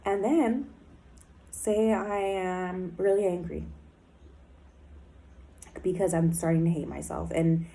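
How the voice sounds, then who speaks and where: Blunt, warm-voiced woman speaking openly. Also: lowish voice, slow pace, creaky, pauses often, rough recording. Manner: blunt and emotional, swears often, many fillers. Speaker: person in a recovery program. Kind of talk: candid personal diary talk.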